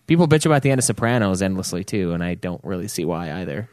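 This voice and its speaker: Brief: low male podcast co-host, blunt, dry close mic. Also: very animated, quick pace, a little mellow, no room sound. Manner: blunt, swears freely, laughs often. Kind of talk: casual podcast banter.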